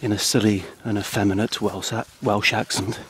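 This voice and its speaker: A man speaking outdoors on a countryside path in a hesitant, halting, dry deadpan ramble full of ums and restarts. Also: on the low side, husky, rough recording. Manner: dry, self-deprecating. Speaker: comedy vlogger.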